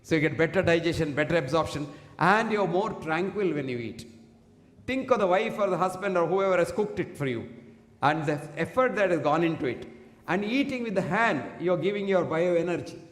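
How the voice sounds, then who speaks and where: A man's voice: a little high, expressive, a little fast. A man with an Indian English accent giving a preachy motivational health talk, quoting Sanskrit verses. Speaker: health speaker. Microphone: single handheld or stand mic. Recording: echoey hall.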